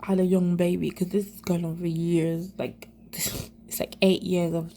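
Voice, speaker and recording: Low, gravelly woman half-whispering her story. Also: little pitch movement, warm tone, a little hiss or hum. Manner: halting, repeats herself, many fillers; often drops to an unvoiced whisper. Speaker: survivor sharing her story. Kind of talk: emotional personal testimony.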